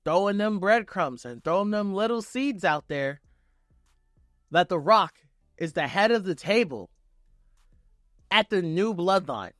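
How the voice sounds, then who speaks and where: A man giving a casual, excitable and profane reaction review, retelling a wrestling show blow by blow. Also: high voice, measured pace, long pauses, no room sound, clean studio sound, soft background music. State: on vacation.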